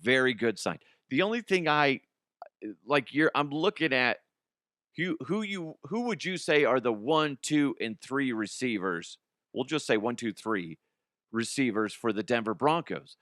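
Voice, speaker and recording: Host of a sports talk show, a man who rambles and laughs at himself in casual chat. His voice is bright and forceful and sounds dry and close to the mic. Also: mid-range voice, lively intonation, unhurried, no echo. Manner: rambling and self-mocking, laughs often.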